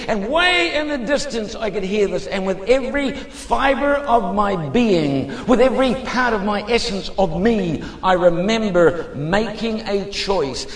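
A man giving a fervent testimony sermon as a preacher, moving between hushed and emphatic speech. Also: sits high, moderate pace, hardly any pauses, roomy sound, in a large hall.

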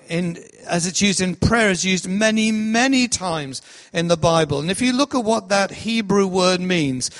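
Male preacher, high voice, unhurried and emphatic, in an echoing hall. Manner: slow, emphatic delivery, acting out cries. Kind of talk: sermon. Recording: long hall reverb.

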